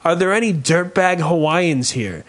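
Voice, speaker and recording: A man hosting a podcast in casual chat, rambling and swearing freely while riffing with dark humor. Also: on the high side, animated, moderate pace. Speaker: podcast host.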